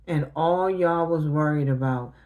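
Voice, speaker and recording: A middle-aged woman speaks to her livestream in a slightly low voice, grieving and openly confronting her family. Her talk is casual, raw and emotional, shifting between accusation and sorrow. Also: unhurried, a little mellow, muffled recording. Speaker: tarot reader livestreaming.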